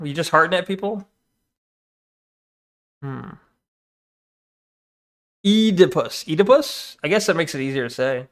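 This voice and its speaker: A man's voice: fairly high pitch, fairly bright tone. A young man streaming, chatting casually and rambling with a profane, joking manner as he reads his chat.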